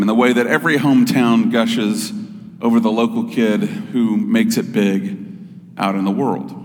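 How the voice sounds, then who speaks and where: A man giving a sermon as pastor, in a measured, explanatory way. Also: mid-range voice, big-room sound.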